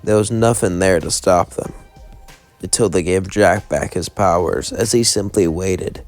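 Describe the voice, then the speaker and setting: A man's voice: sits low, a little slow, faint music behind. A man narrating a fan-made what-if story in a casual, rambling way, stringing clauses loosely together.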